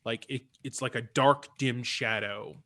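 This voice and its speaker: A man's voice: mid-range voice, fairly even intonation, measured pace, bright, forceful tone. A man running a tabletop game as game master, chatty, with many fillers and restarts.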